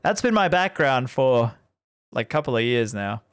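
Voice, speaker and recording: A man streams a visual novel and chats casually with his viewers, rambling and laughing often. His mid-range voice is smooth and sing-song, at a normal speed.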